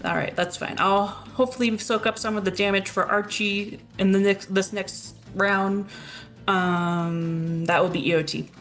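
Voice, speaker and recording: A woman playing in a tabletop game, calmly and methodically explaining her moves. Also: mid-range voice, unhurried, soft background music. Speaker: player. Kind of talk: casual tabletop game chat.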